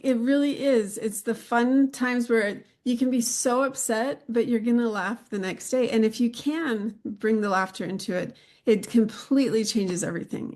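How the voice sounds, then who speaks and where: A middle-aged woman hosting a podcast, telling relaxed, rambling personal anecdotes with some laughter. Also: fairly high pitch. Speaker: podcast host. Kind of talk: casual chat.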